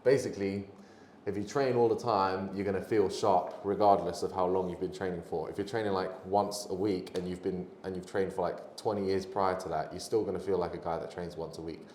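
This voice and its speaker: A man's voice: sits low, fairly even intonation, brisk, darkish tone. A man speaking as a podcast guest in loose, rambling casual chat, swearing and laughing often. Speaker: podcast guest, jiu-jitsu athlete. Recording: roomy echo, faint noise.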